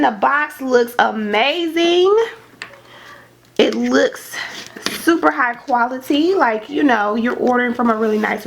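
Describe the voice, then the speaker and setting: A young adult woman chatting casually in an unboxing vlog at home, gushing and excitable, calling her viewers y'all. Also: high voice, creaky, a little hiss or hum. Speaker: home decor vlogger. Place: home dining room.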